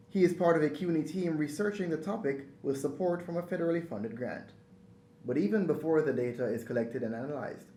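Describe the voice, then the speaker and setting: A man reading scripted narration for a news feature in a measured way. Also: a little high, dark tone, reverberant, slight background noise.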